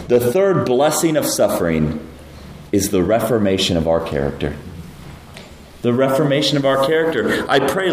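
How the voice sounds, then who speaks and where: A man preaching a sermon in a church hall, emphatic, dropping to a hush and then rising loud again. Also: mid-range voice, sing-song, moderate pace. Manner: emphatic, swings between hushed and loud. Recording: echoey hall, mic far off.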